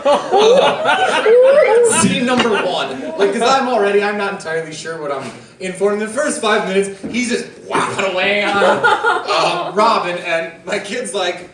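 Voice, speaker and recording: A man doing a stand-up routine on a comedy club stage, telling rambling stories with chuckles and quick impressions. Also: high voice, big pitch swings, noisy background. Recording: roomy club sound from a distance, loud crowd. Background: audience laughter.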